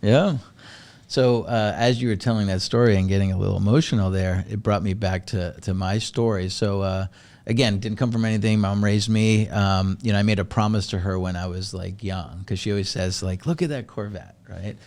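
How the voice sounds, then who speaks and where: A man's voice: fairly low pitch, level tone, a little fast, a little mellow. A man hosting a podcast interview, sharing his own story in a conversational way with lots of fillers. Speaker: podcast host. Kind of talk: casual interview chat.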